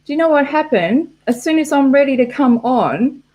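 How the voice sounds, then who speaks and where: A woman's voice: high-pitched, expressive, normal speed, darkish tone. A woman hosting a casual live stream, rambling through stories with frequent swearing and laughter at herself. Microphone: laptop mic.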